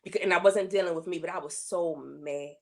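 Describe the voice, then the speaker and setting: Earnest woman giving emotional faith testimony. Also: fairly quick. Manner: earnest, emotional storytelling with repetition; rises in pitch when voicing her complaints to God. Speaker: interview guest.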